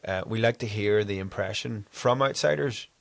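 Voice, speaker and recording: A man's voice: fairly low pitch, normal speed, vocal fry, no room sound. A man hosting a podcast and asking eager questions. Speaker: podcast host. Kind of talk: casual podcast interview.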